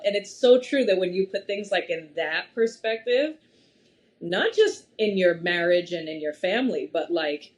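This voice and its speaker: A woman in her thirties, a podcast guest in casual conversation, telling stories in an animated way and laughing often. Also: on the low side, moderate pace. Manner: animated storytelling with frequent laughs.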